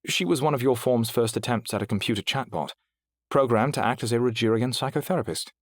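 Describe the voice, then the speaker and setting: A man's voice: mid-range voice, quick pace, dry recording, voice pushed up, natural voice. A man voicing a refined, polite female AI companion with a British accent and precise, proper diction in an audiobook. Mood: courteous, poised. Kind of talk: audiobook character voice.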